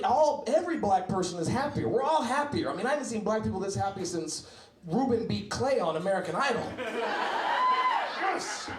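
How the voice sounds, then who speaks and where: High-voiced man doing stand-up in a club. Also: heavy background noise. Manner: loose, rambling delivery with sudden shouted bits. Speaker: stand-up comedian. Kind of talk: stand-up comedy set. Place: small comedy club. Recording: echoey club room with crowd laughter. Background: audience laughter.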